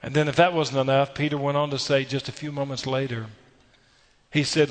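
A man's voice: mid-range voice, steady tone, brisk, long reverb tail. A man preaching a sermon, exhorting earnestly with repeated phrases and rhetorical questions. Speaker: pastor.

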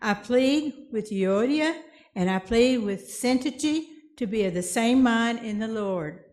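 A woman reading a Bible passage aloud in a church service, measured and deliberate. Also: fairly high pitch, animated, darkish tone. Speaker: scripture reader. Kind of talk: scripture reading.

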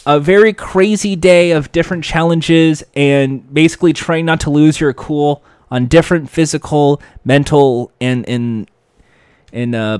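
Man, casual commentator, smooth clear voice, dry close mic. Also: on the high side, no echo. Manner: animated, acts out quoted lines. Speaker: reality TV commentator.

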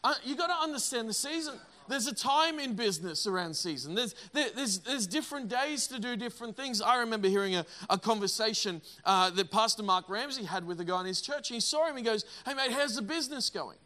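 High, bright-voiced pastor. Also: male voice, a little fast, hardly any pauses. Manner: energetic, emphatic, repeats words. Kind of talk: sermon.

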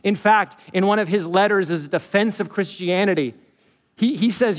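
A man preaching a sermon, emphatic, swinging from loud declarations to hushed storytelling. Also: high voice, a little fast, long reverb tail. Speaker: pastor.

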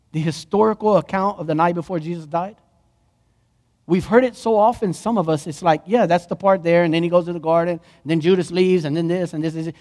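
A man with a high voice preaching with passion, his words ringing through a large reverberant church hall. He drops to a hush, then surges loud again. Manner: impassioned preaching, swings from hushed to loud. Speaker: pastor. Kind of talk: sermon.

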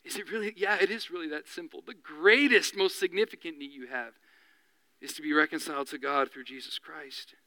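A man preaching a sermon as pastor, animated, often dropping to a hushed, slow voice. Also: fairly high pitch, no room sound, rough recording.

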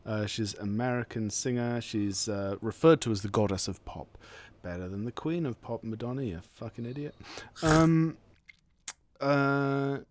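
A man's voice: mid-range voice, measured pace. A man co-hosting a film podcast, asking questions and cracking sarcastic jokes in casual chat. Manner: jokey, questioning, sarcastic asides. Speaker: podcast co-host.

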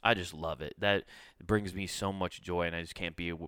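A young male podcast host with a low, clear, resonant voice that sounds bright and forceful tells a laid-back, profane, rambling story full of restarts. His intonation is fairly even and his pace moderate, captured as dry, clean studio sound.

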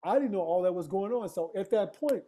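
High, mellow-voiced man telling a story. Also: expressive, fairly quick. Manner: emphatic, street-casual storyteller with rhetorical questions. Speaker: guest. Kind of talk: casual storytelling conversation.

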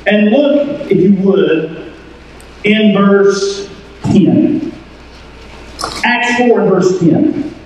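A male pastor preaching a sermon to his congregation, with emphatic, drawn-out phrases and frequent calls for them to listen. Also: high-pitched, a little mellow, slight background noise. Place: large church hall. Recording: echoey hall from far off.

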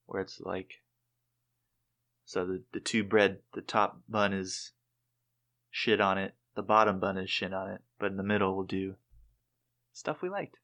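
A man's voice: low voice, monotone, unhurried, long pauses, pushed and bright. A man in laid-back casual chat, chiming in with short remarks and dry jokes. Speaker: podcast co-host.

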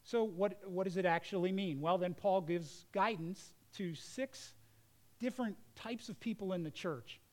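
Earnest higher-pitched male preacher. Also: measured pace, low-quality recording. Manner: earnest, conversational preaching with varied emphasis. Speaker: pastor. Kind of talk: sermon.

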